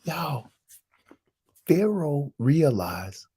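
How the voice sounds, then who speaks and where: Slow, preachy man talking to the camera. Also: on the high side, very animated, warm tone, husky. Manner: profane, preachy slang with rhetorical questions. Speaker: host. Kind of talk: casual monologue.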